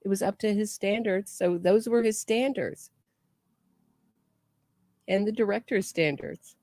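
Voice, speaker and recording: A woman's voice: medium pitch, measured pace, warm tone, no room sound. Woman, true crime commentator, chatty, restarts sentences, dry close sound. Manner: chatty, restarts and trails off mid-thought. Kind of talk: casual commentary on trial footage.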